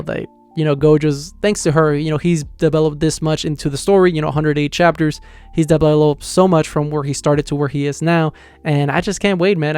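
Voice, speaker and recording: A man's voice: fairly high pitch, a little mellow, clean tone, no echo. A young man casually reviewing a manga chapter, rambling with lots of fillers. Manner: rambling, heavy on fillers like "like" and "you know".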